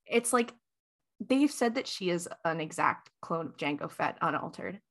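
A woman's voice: on the low side, expressive, moderate pace, a bit bright. A woman co-hosting a podcast in casual fan chat, chatty and thinking aloud with many fillers. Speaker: podcast co-host.

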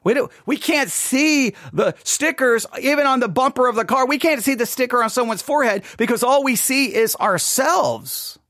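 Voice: high voice, expressive, normal speed, hardly any pauses, fairly bright tone, no room sound, clean studio sound. A Christian devotional host giving an informal, earnest talk that tells stories with many restarts, recorded at a home live-broadcast setup.

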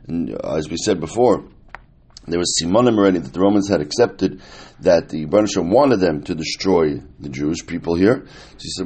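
Low husky man teaching Talmud. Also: expressive, fairly quick, warm tone. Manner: casual, explanatory, with many fillers and Yiddish-Hebrew terms. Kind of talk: Talmud lesson, translating Aramaic line by line.

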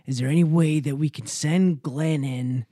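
A man's voice: a little high, steady tone, normal speed, mellow, no echo, studio quality, close to an everyday voice. A man voicing a hot-tempered, sarcastic crew member in a tabletop role-play, blunt in how he talks.

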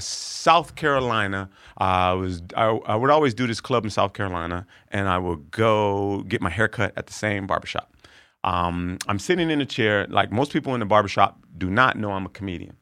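A man, a comedian and podcast guest, telling a story in a casual, profane and animated way, acting out other people's lines. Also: on the low side, fairly quick, clear, resonant tone, dry recording, clean studio sound.

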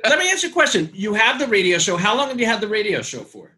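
High lively man hosting an interview. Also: fast, a little hiss or hum. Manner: short reactions and questions. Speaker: podcast host. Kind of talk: casual interview.

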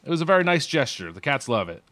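A man's voice: fairly high pitch, very animated, fast, fairly bright tone, dry recording. A man co-hosting a podcast in casual chat, ranting and swearing in an exasperated way. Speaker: podcast co-host.

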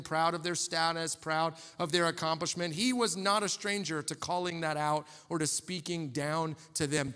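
High-voiced pastor in a reverberant hall. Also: male voice. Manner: conversational, animated storytelling. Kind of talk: sermon.

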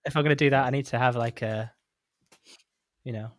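A man co-hosting a podcast, chatting casually with quick, jokey quips. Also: medium pitch, fairly even intonation, crowd noise. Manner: quick, jokey, quippy interjections. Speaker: podcast co-host. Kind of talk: casual chat.

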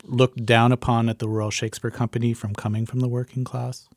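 A man's voice: mid-range voice, level tone, fairly quick, no echo, studio quality. Man asking tentative interview questions. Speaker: radio producer and interviewer.

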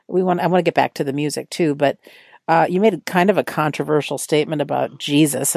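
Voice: medium pitch, vocal fry, a little mellow, dry recording, clean studio sound. A podcast host asking a guest questions in a friendly, casual manner. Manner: friendly, interjecting briefly. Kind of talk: casual interview talk.

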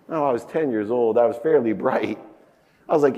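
A man in his fifties giving a motivational keynote speech on a conference stage, telling a personal story with big emotional swings in pitch and loudness. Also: normal speed, highs cut off. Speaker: keynote speaker. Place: large conference hall stage. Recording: echoey conference hall.

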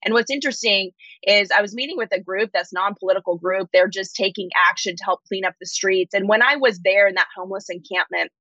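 A woman's voice: medium pitch, fast, bright, forceful tone, no room sound, lo-fi sound. A woman political candidate giving an upbeat, insistent campaign-style interview over a remote link. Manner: upbeat, insistent stump-speech delivery. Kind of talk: campaign talking points.

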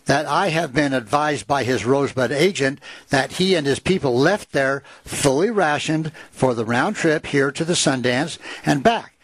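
A man voicing a calm, tough frontier agent who speaks quietly and matter-of-factly, in a slightly husky voice. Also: medium pitch, moderate pace, no echo, close to an everyday voice.

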